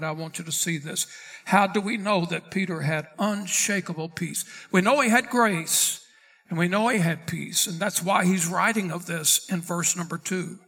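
A pastor delivers an expository sermon in a high voice for a man. He reads scripture slowly and deliberately and calls out questions to his congregation. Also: a bit bright. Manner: preaching, reading scripture aloud slowly.

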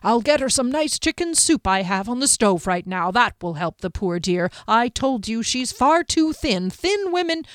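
A woman's voice: a little high, sing-song, moderate pace, hardly any pauses, no echo, studio quality, pitched above the performer's own voice. A woman voicing a fussy, motherly innkeeper who chatters and dotes. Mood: doting. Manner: chattering, doting.

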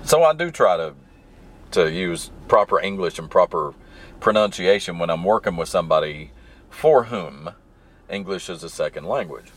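Low-voiced man with a mild Southern accent. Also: animated, normal speed, fairly bright tone. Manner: rambling, easygoing, digressive. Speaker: podcast host. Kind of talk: casual solo storytelling while driving. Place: in his truck stuck in traffic.

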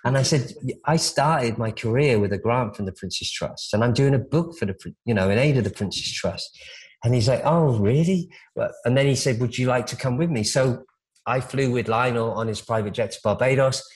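A man's voice: medium pitch, a little fast, poor audio. A man, a stylist, chatting as a guest in an interview, telling long stories full of restarts and fillers. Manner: rambling, storytelling with frequent restarts and fillers. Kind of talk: casual interview chat.

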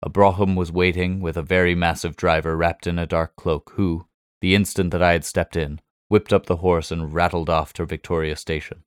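A man reads a classic detective story with measured, formal care. His voice sits very low, and the recording is dry and close with no room sound. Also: flat delivery, smooth, no echo. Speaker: audiobook narrator.

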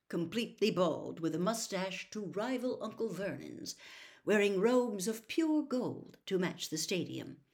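Woman reading a storybook aloud, slow and lively, voice going up and down a lot. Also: medium pitch. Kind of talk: storybook read-aloud narration.

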